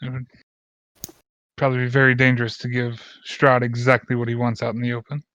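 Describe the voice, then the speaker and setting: A man voicing an older male vampire hunter who speaks in a measured, earnest way. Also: medium pitch, completely flat delivery, fairly bright tone, no echo, close to an everyday voice. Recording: muffled lo-fi mic.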